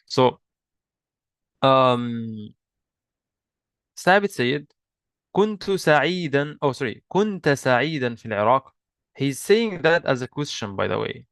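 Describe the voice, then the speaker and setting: Guy teaching an online class, mid pitch, dry close sound, keeps repeating himself patiently. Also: sing-song, unhurried, creaky, long pauses, fairly bright tone, clean tone, dry recording. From Egypt. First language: Arabic. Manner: patient, repeats and restarts, switches between English and Arabic. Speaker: Arabic teacher. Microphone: video call mic.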